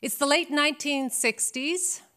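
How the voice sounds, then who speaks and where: Woman in her 50s from canada telling a funny dramatic story, fairly high voice, lots of punch. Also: unhurried. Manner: animated, dramatic, comic timing. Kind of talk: live personal storytelling.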